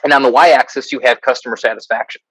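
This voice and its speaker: A man's voice: mid-range voice, fairly even intonation, fast talker, fairly bright tone, husky, no room sound, low-quality recording. Midwestern American man, consultant guest, explanatory, filler-heavy, dry recording. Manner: explanatory, many ums and uhs, self-corrects. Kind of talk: explaining concepts in conversation.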